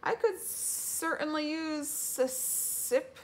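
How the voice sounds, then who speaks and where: A woman voicing an easygoing gopher handyman who drawls very slowly in a storybook read-aloud. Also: high-pitched, a little hiss or hum, pitched above the performer's own voice. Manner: very slow, drawling.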